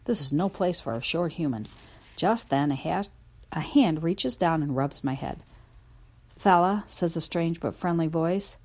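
A woman's voice: sits low, moderate pace. A woman narrating a children's story in a first-person voice, telling it expressively. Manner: expressive, lively storytelling from a dog's view. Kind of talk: audiobook narration.

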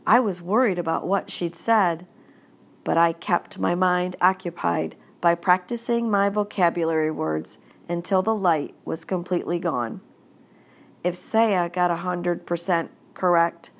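A woman narrating a children's audiobook in a gentle, deliberate storytelling manner. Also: lowish voice, creaky.

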